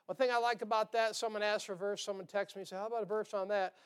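A male pastor preaching with a high-pitched, clear and resonant voice. He keeps things folksy and joking, chuckling between points and firing rhetorical questions at his listeners. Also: steady tone, quick pace. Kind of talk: sermon.

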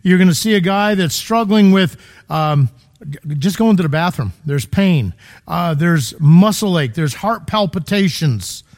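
A man's voice: high-pitched, animated, a little slow, a little mellow. A man preaching a sermon in a conversational, emphatic way, full of rhetorical questions, in a church.

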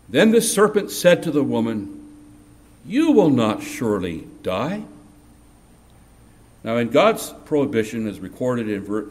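Animated man preaching an emphatic sermon. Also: medium pitch. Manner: emphatic, rising to loud peaks on key points; repeats and restarts words mid-phrase. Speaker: pastor. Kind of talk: expository sermon.

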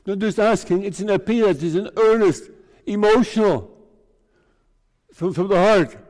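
A man preaching a sermon to his congregation, speaking slowly in short, measured phrases. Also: high-pitched, a little mellow. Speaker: pastor. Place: church. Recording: reverberant church hall.

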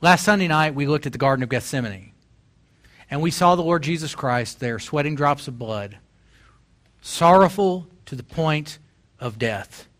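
A man's voice: on the high side, lively intonation, normal speed, a bit bright. A man in his forties preaching a sermon as pastor, telling stories and building to emphatic exhortation. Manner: storytelling, rising to emphatic exhortation.

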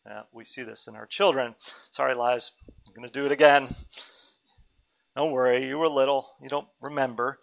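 A man's voice: medium pitch, steady tone, moderate pace, vocal fry, pauses often, lo-fi sound. A man in his thirties preaching a sermon as a pastor, earnest and dynamic, with friendly asides to his congregation.

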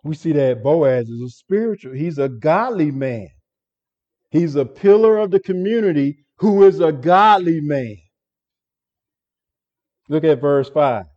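Pastor, male, slow deliberate earnest sermon delivery, dull lo-fi recording. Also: on the high side, expressive, darkish tone. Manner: earnest, repeats words and restarts often. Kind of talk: expository sermon.

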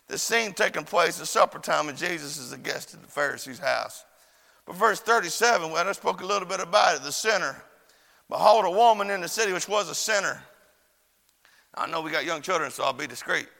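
Man preaching, folksy and animated, high gravelly voice, hall reverb. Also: a little fast. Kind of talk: sermon with storytelling. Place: church chapel.

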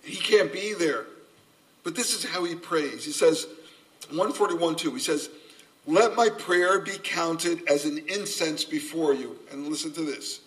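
Earnest pastor preaching from afar. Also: male voice, fairly high pitch, a little slow. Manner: earnest, self-described subdued, gently humorous. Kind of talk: sermon. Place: church sanctuary. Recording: voice from a distance off the mic.

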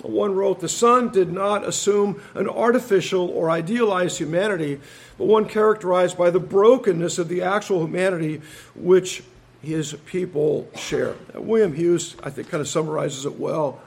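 Husky, high-pitched male preacher. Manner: slows down to read scripture and quotes; methodical, enumerates points, occasional restarts. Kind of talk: expository sermon.

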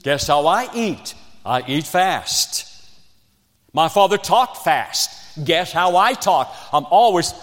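A man's voice: fairly high pitch, animated, takes it slowly, a bit bright. A man from West Virginia preaching a fervent sermon, speaking straight to his congregation and building to emphatic peaks. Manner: addresses the congregation directly. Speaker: pastor. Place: church sanctuary. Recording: echoey church hall reverb.

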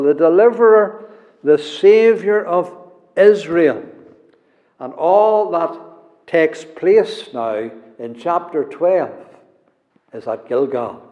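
A high-pitched man preaches slowly and emphatically, hammering his points through repetition. His voice carries a long reverb from the hall. The recording is dull and lo-fi. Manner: emphatic, builds to urgent repetition. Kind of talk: sermon.

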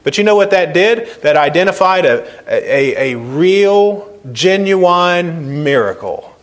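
With lively intonation and a somewhat high voice, a male pastor preaches emphatically. Phrases get repeated, and he swings from loud, stressed words down to quiet, slow points.

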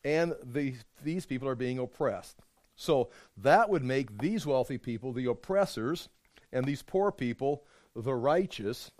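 A man's voice: medium pitch, animated, a little slow, a little mellow, no echo. A man teaching a Bible study in a conversational, emphatic way, often restarting his sentences. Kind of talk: informal Bible study sermon.

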